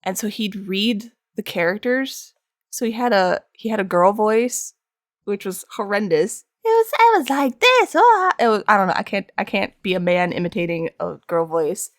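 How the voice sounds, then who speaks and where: A woman's voice: mid-range voice, fairly even intonation, moderate pace, no room sound, studio quality. A young woman chatting casually with her viewers while streaming art from home. She rambles, pokes fun at herself and laughs often. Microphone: streaming microphone.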